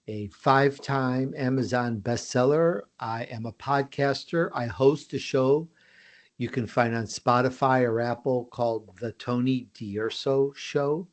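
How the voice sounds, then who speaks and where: An American man chatting as a podcast guest in an easygoing, self-promoting way. He often restarts his sentences and uses fillers. His voice sits at a middling pitch. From United States. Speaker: podcast guest, host of his own show. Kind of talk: casual interview talk.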